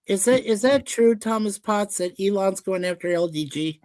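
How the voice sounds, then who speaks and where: A man's voice: high-pitched, moderate pace, a little mellow, no room sound. A man co-hosting a casual live panel, rambling through his points with lots of fillers. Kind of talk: casual group chat.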